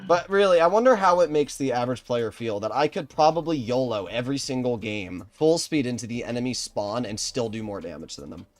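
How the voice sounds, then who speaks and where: A man's voice: medium pitch, fairly quick, hardly any pauses. Boastful young male game streamer. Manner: excitable, boastful, bursts of loud exclamations. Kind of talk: live gameplay commentary.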